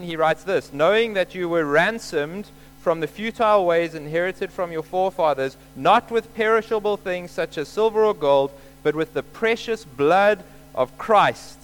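A man's voice: on the high side, low-quality recording. A man preaching a sermon, explaining scripture earnestly and repeating key points for emphasis.

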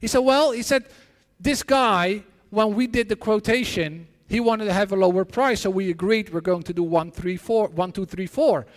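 Long echoes from a large hall surround a high-voiced man as he preaches. The sermon weaves personal stories with prayer, told earnestly in a halting way with frequent restarts and repeated words.

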